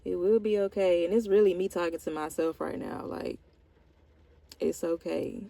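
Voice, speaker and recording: A woman's voice: lowish voice, normal speed, creaky, mellow, no echo, poor audio. A woman vlogger talking candidly about her life in a rambling, heartfelt way, with lots of "like" fillers. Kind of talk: candid personal vlog confession.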